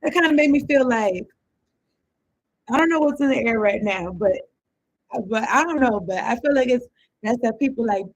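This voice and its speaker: A woman's voice: fairly high pitch, animated, moderate pace, pauses often, slight background noise, rough recording. A woman giving a casual tarot reading. She rambles and thinks aloud in loose slang, with some swearing. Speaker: tarot card reader.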